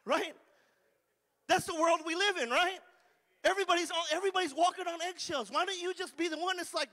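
A man's voice: very high voice, expressive, brisk, pushed and bright, in a large hall. A man preaching a fervent sermon as pastor, drawing call-and-response amens from the congregation.

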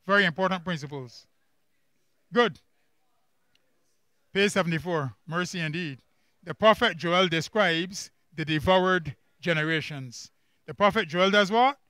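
A man with a Barbadian accent leading a church camp Bible workbook lesson, quizzing the class with quick questions and emphatic repeats. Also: high-pitched, bright, forceful tone, no echo. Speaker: Bible study teacher.

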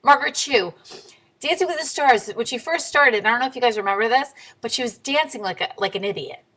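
A young adult woman talking straight to the camera in a casual video diary, blunt and animated, jumping her pitch up high when she quotes people. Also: brisk. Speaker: vlogger.

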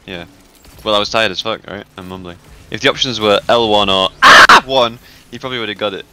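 A man's voice: on the low side, steady tone, quick pace, noisy background. A man, chatting casually and joking with heavy swearing while playing a raid with friends. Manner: profane, joking banter with frequent laughs. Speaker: gamer in a raid. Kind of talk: casual voice chat while gaming.

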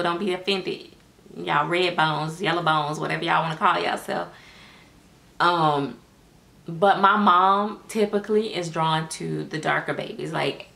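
A woman's voice: fairly low pitch, creaky, fairly bright tone. A middle-aged American woman chatting casually to her viewers in a sassy, direct way about her dolls. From United States. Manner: chatty, sassy, talks straight to viewers as y'all. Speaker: doll-making vlogger. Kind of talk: casual chat to camera.

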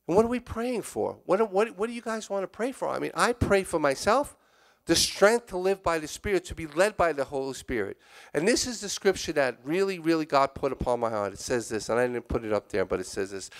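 Guy preaching a sermon, kinda high voice, really clean and smooth, honest and confessional, breaks into prayer. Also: expressive, brisk. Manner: candid and confessional, mixing spoken prayer with emphatic exhortation. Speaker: church elder preaching. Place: church sanctuary.

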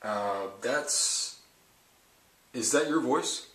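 A man's voice: mid-range voice, very slow, fairly bright tone, distant mic. A man playing a casting director, polite and businesslike, awkwardly patient. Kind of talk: comedy sketch acting. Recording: echoey room, faint noise.

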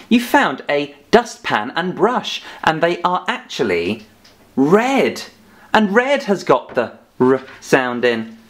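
A man leads a children's phonics lesson, his voice swooping up and down with lively expression. He coaxes and plays, stretching out letter sounds for young listeners. His pitch sits in an ordinary middle range. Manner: playful, coaxing, exaggerated sound drills. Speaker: phonics teacher.

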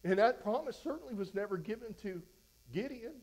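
A man's voice: high voice, animated, fairly quick, a little mellow, husky, low-quality recording. A man preaching a verse-by-verse sermon as a pastor, fervent and exhorting, conversational with frequent restarts. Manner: fervent, exhorting, voice rises when fired up.

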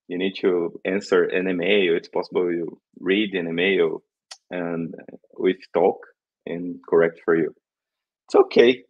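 A man from Brazil with a Brazilian Portuguese accent, presenting a live coding demo in halting English, searching for words. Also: deep voice, lo-fi sound.

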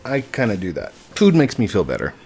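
Guy gaming and goofing around, bouncy lively voice, giggles a lot, faint music behind. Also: fairly low pitch, brisk. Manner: giggly and playful, often laughing. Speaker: gaming channel host. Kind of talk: casual gameplay chat.

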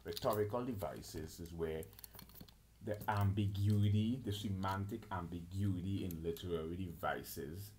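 A very low-pitched man lecturing alone, reeling off long lists of terms and tripping over his words as he goes. Faint clicks and a light hiss sit under his voice. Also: unhurried, a little mellow. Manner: lists terms, restarts and stumbles often. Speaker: channel host. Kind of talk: rambling solo lecture.

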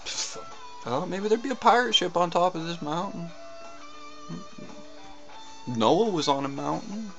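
A man's voice: very high-pitched, lively intonation, slow, pushed and bright, faint music behind, heavily acted. A man voicing a dim-witted, grandiose male short order cook who is boastful but sheepish when scolded.

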